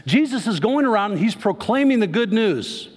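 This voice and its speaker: A pastor with a high voice and big pitch swings preaches at a moderate pace to his congregation. He speaks conversationally and throws questions to the crowd, his words echoing with long church reverb in the sanctuary.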